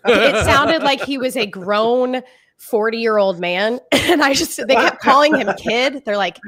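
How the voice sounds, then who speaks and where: A woman's voice: a little high, animated, measured pace, fairly bright tone. A woman co-hosting a pop-culture podcast, talking in a bubbly, enthusiastic way and laughing often. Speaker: podcast co-host. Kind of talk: casual pop-culture chat.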